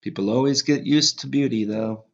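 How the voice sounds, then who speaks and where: A man voicing a thoughtful teenage girl with a quiet, dry way of talking. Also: mid-range voice, normal speed, vocal fry, close to an everyday voice. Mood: wry. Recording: slightly dull lo-fi audio.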